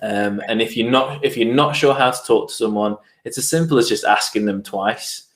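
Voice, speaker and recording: A man hosting a casual interview show, chatty and quick to repeat himself. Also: on the low side. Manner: chatty, repeats words, acts out quotes. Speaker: podcast host. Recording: echoey room.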